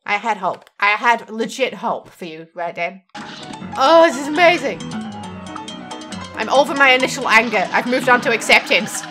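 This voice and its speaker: A woman's voice: on the high side, animated, moderate pace. A woman reacting to gameplay footage in casual commentary, sarcastic and exasperated, swearing freely. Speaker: gaming YouTuber reacting to a video. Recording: music playing clearly behind.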